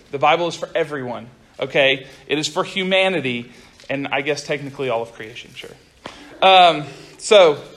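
A young man giving a casual youth sermon to a group, talking fast and chatty, often stopping to restart his sentences. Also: high voice, fairly bright tone. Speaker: youth pastor. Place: room with a group of listeners.

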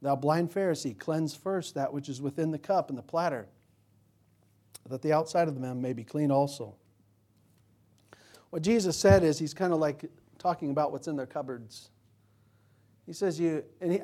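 A man's voice: fairly high pitch, dark tone. A man preaching a sermon in a conversational, joking way, asking the congregation questions. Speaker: pastor.

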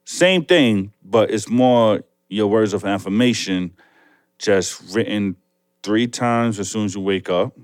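A man's voice: on the low side, slow pace, clean tone, no room sound, studio quality. A young man with a New York accent co-hosting a casual podcast, laid-back and rambling, laughing often. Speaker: podcast co-host. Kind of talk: casual chat.

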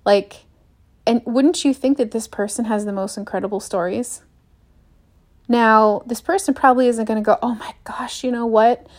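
On her own motivational podcast, a young woman from the United States speaks with a fairly high, slightly mellow voice. Earnest and upbeat, she dramatizes small quoted moments as she talks.

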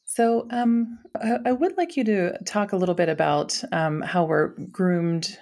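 A woman's voice: lowish voice, a little slow, a little mellow. A woman hosting a podcast interview, enthusiastic and affirming toward her guest. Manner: enthusiastic, affirming, laughs often. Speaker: podcast host.

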